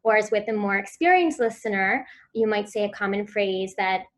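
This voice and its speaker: A woman giving a virtual conference talk on speech therapy, explaining in a clear, instructive way and sometimes modeling sounds for children. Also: medium pitch, expressive, normal speed.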